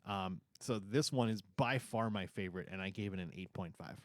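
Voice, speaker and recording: A young adult man co-hosts a laid-back review conversation with an enthusiastic, rambling delivery, now and then tripping over his words. His voice sits a bit low and sounds dry and close to the mic. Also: moderate pace, no room sound. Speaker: co-host reviewing theme park events. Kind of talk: casual chat.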